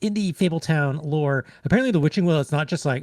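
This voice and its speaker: Guy chatting on a game podcast, kinda high voice, rambles a lot with um and like. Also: fast talker, no echo, clean studio sound. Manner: rambling, retells scenes with many fillers. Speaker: podcast co-host. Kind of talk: casual chat about a video game.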